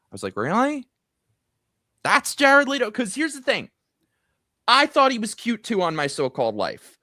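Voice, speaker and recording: A middle-aged man hosts a casual live stream and tells a story about running into someone years ago. His pitch climbs and falls a lot as he tells it, and the sound is dry and close to the mic. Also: moderate pace, no echo. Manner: chatty, storytelling, swings high in pitch when excited. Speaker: host.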